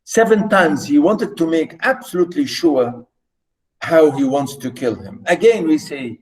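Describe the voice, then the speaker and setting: A man teaching a literature class, pausing often with fillers and reading passages aloud with emphasis. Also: fairly high pitch, animated, low-quality recording. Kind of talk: classroom lecture on a short story.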